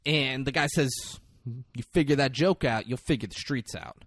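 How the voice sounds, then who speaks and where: A man co-hosting a podcast in casual chat, retelling a film scene with lots of swearing and quick acted-out lines. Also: medium pitch, no echo, clean studio sound. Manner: animated, profane, acts out film lines in quick voices. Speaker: podcast co-host.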